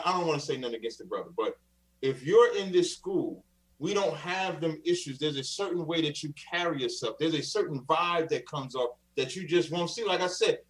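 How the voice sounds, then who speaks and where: Guy preaching his point in a live stream debate, kinda high voice, insistent. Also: a bit bright, distant mic, rough recording.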